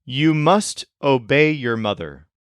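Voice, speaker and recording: A man teaching a language lesson, explaining grammar in a clear, scripted way and giving English sentences to translate. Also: mid-range voice, lively intonation, dry recording, clean studio sound. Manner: slow, clear explanatory delivery.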